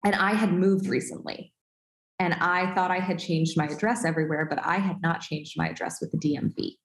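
A woman's voice: fairly low pitch, steady tone, fairly quick, echoey room, rough recording. A woman telling a self-deprecating story in casual podcast chat, acting out the dialogue. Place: Los Angeles.

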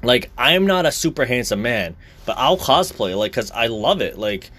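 A man's voice: mid-range voice, very animated, normal speed, bright, forceful tone. Young man, casual rant, profane, blunt, fired-up.

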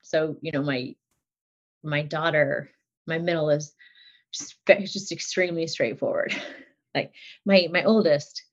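A woman's voice: deep voice, fairly even intonation, unhurried, pauses often. Chatty mother with dull lo-fi sound. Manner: chatty, laughs often, lots of fillers. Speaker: guest. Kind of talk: casual podcast chat. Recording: dull lo-fi audio.

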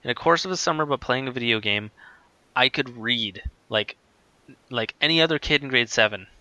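A man tells a story from his childhood in a loose, rambling way, hanging "like" and restarts on his sentences. His voice is very bright and forward. It is recorded close and dry, with no room sound. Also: mid-range voice, moderate pace, dry recording, dull audio. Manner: rambling, filler-heavy with many "like"s. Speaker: guest telling his story. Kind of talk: casual conversational storytelling.

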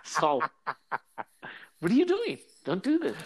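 A man hosting a casual podcast, telling stories in animated slangy talk and quick to laugh. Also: high-pitched, low-quality recording. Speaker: podcast host.

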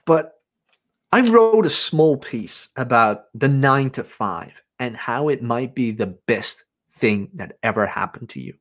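A man's voice: medium pitch, lively intonation, unhurried. A man hosting a podcast in casual chat, blunt and swearing freely as he tells stories and acts out what others said. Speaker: podcast host.

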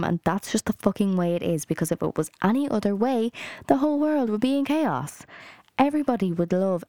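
A woman's voice: mid-range voice, dark tone, dry recording, clean studio sound. A young adult woman hosting a solo podcast, ranting in a heated way with lots of swearing and "like" fillers. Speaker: podcast host.

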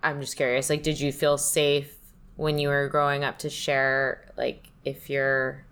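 A woman co-hosting a podcast, gently asking a curious question. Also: very deep voice, monotone, a little slow.

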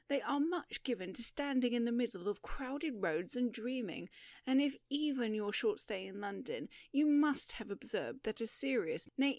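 A woman voicing a gallant, self-assured young gentleman who speaks in a brisk, lofty and emphatic way. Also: medium pitch, no echo, clean studio sound.

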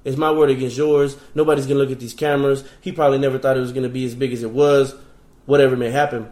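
A man's voice: medium pitch, flat delivery, racing, darkish tone. A man in casual conversation who speaks bluntly and profanely. His voice carries a roomy echo. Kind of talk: casual chat.

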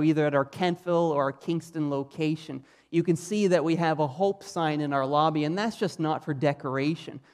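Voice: medium pitch, darkish tone. A pastor preaching a sermon, repeating key phrases for emphasis and asking the listeners direct questions.

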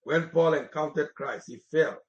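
A man's voice: a little high, moderate pace, highs cut off. A man preaching a sermon with passion, repeating lines for emphasis. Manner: impassioned, repeats phrases for emphasis. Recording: roomy echo.

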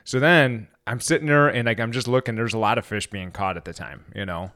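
A man's voice: on the low side, a little fast. A man co-hosting a podcast, telling a story in casual chat and acting out the quotes. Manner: animated storyteller, acts out quotes. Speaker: podcast co-host.

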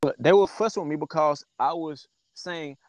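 A man guesting on a podcast, telling a story in a loose, profane, animated way and acting out what people said. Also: on the high side, normal speed, no echo. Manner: profane, animated, acts out quoted dialogue. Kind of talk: casual storytelling.

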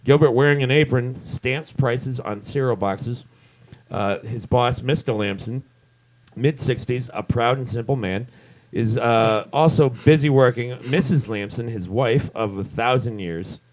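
A man's voice: medium pitch, unhurried, darkish tone. Casual man reading stage directions. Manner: reads stage directions with fillers and side jokes. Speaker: script narrator. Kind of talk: casual comedic table read.

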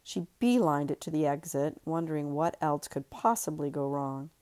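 A woman, an author and podcast host, reading her own novel aloud in a measured, steady voice. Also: sits low.

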